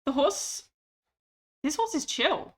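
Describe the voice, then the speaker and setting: A woman's voice: high voice, lively intonation, slow. A woman streaming a game, chatting playfully and reading out chat. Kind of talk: casual gaming stream chat.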